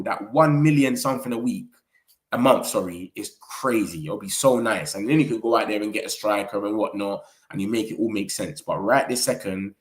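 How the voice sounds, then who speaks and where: Young British man, mid-range voice, chatty slangy vlogger delivery, animated. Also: medium pitch. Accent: British English. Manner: animated, slangy, quick asides. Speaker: football fan vlogger. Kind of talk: casual chat.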